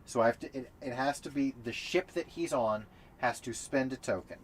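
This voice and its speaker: A man's voice: medium pitch, moderate pace, a little hiss or hum. A man casually chatting while setting up a tabletop game on a live stream, often mumbling to himself as he sorts pieces.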